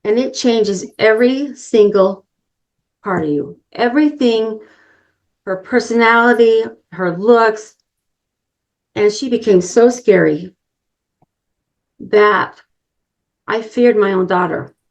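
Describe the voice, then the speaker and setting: A woman's voice: fairly high pitch, slow pace, long pauses, muffled recording. A middle-aged woman giving an inspirational talk, telling a personal story earnestly and addressing the listeners directly. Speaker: summit speaker.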